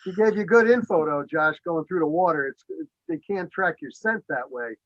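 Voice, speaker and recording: Eager, higher-voiced male host. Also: a little fast, crowd noise. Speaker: podcast host interviewer. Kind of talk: interview questions. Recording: dull dry remote recording.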